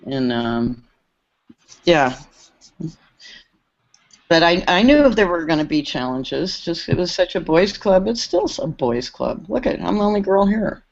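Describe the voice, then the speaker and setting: A woman with a fairly low voice tells studio stories in a casual, lively way. She acts out the quoted lines as she goes. The call audio sounds muffled and lo-fi. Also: a little slow, creaky, long pauses. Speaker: recording engineer guest. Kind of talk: casual storytelling on a group call.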